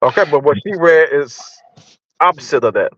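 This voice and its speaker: A man's voice: on the high side, animated, normal speed, a bit bright, dry recording, highs cut off. A man in a casual debate who challenges the other speaker in plain, informal talk. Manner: challenging, informal, pushes back.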